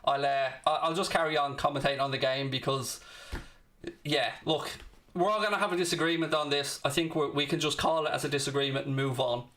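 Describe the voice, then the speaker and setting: Young guy on a football watchalong stream, high sharp voice, fiery and sweary at the chat. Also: fairly even intonation, fairly quick. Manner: heated, sweary ranting at chat. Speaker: watchalong host. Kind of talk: live football watchalong commentary.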